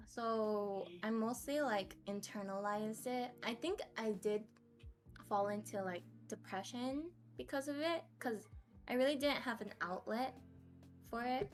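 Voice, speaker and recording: Soft background music accompanies a young woman from the US whose voice is on the high side and a little slow. Chatting casually as a podcast guest about her life, she giggles, laughs often, and pokes fun at herself.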